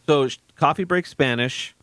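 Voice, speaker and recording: A man chats on a casual podcast, joking and rambling as he goes. His voice sits a bit high, and the close mic gives a dry, roomless sound. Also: fairly bright tone, clear, resonant tone, no room sound. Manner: jokey, rambling, quick to laugh. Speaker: podcast co-host. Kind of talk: casual chat.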